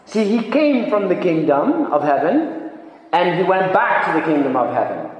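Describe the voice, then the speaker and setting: High-pitched guy preaching slow, far off the mic in a big echoey hall. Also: very animated, lo-fi sound. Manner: emphatic, asks rhetorical questions and repeats phrases. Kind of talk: sermon.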